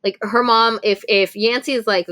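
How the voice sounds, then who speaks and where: Woman podcast co-host, casual storyteller, animated, salty language. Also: a little high, moderate pace. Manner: animated retelling with profanity and acted quotes. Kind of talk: casual book review chat.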